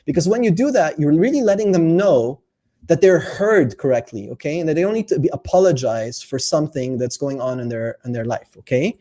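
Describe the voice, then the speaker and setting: A young man hosting a casual live talk about relationships, animated and playful, acting out the people he quotes. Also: fairly high pitch, brisk.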